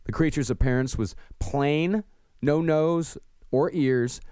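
A man co-hosting a casual podcast, reading out details of strange creatures in an even storytelling way. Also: fairly high pitch, slow, clear, resonant tone, no echo, studio quality. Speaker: podcast co-host. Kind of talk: casual podcast chat, reading cryptid lore.

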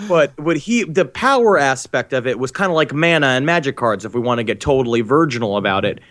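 A man's voice: mid-range voice, expressive, a little fast, a bit bright, no echo. A man co-hosting a podcast in casual chat, rambling and jokey, with crude humor and lots of restarts. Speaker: podcast co-host.

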